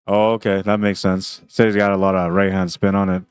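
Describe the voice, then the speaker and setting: A man's voice: low-pitched, fairly quick, smooth, no room sound. A man doing live commentary on a pool tournament stream, chatting casually and reading viewer comments between shots. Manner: relaxed, chatty, laughs often. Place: tournament venue.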